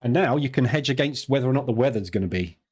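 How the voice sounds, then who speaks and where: A man's voice: medium pitch, lively intonation, quick pace, a little mellow, slightly rough. A British man hosting a live trading stream, chatting and joking in a digressive way.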